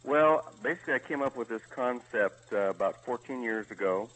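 A man being interviewed as a guest on a radio show, speaking in a relaxed, plain way. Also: medium pitch, normal speed, low-quality recording.

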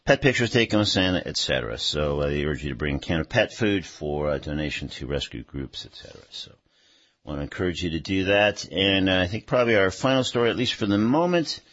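A man hosting a radio talk show, reading stories in an unhurried way with many pauses. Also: low-pitched, expressive, a bit bright. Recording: dull radio broadcast audio.

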